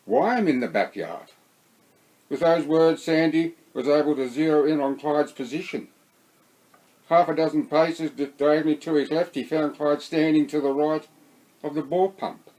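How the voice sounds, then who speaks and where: A man with an Australian accent reading his own novel aloud in a steady storytelling voice. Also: a little high, moderate pace, rough recording. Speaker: narrator.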